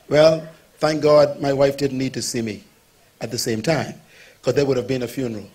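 A man's voice: medium pitch, fairly quick, vocal fry, a little mellow, slightly rough. A male pastor preaching a sermon, telling stories with humor and calling for the congregation's response.

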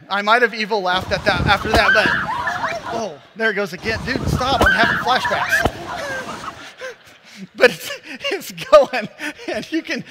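A man's voice: very high-pitched, very noisy. A man in his thirties preaching a sermon as a pastor, telling a comic family story with self-mocking asides and acted-out voices. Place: church auditorium. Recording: long reverb of a large hall.

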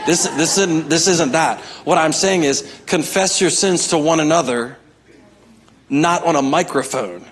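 A man's voice: fairly high pitch, unhurried. A man preaching a sermon as pastor, emphatic, repeating his key phrases and calling out to the congregation.

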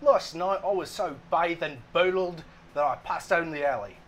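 A man voicing a rough, hungover working-class London man in a put-on Cockney accent, gruff and clipped. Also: on the high side, moderate pace, a bit bright, a little hiss or hum, lightly acted. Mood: boastful.

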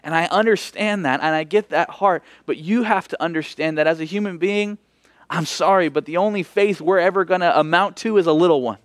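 A man preaching a sermon as pastor, expressive, moving between emphatic lines and hushed ones. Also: on the high side, a little fast, dry recording, studio quality.

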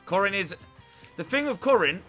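A young man talking over his gameplay in a bright, lively voice that leaps from low mutters to shrieking outbursts. His pitch sits a little high, and faint music plays under him. He reacts to every hit and loss as it happens. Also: normal speed. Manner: excitable, swings from muttering to shouting at the game. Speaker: gaming YouTuber. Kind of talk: live gameplay commentary.

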